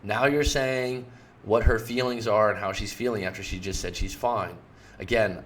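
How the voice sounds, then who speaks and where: A man with a somewhat low voice explains relationship habits as a coach. He talks plainly and walks the listener through example text exchanges one piece at a time. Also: steady tone, moderate pace, fairly bright tone, a little hiss or hum. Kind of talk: explanatory talk.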